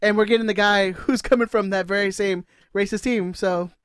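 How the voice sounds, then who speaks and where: A man with a high, smooth voice talks loosely and jokingly as a podcast co-host. He reads listener emails with a relaxed, easy manner. The sound is close and dry, with no room around it. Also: moderate pace, dry recording. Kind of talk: casual sports chat.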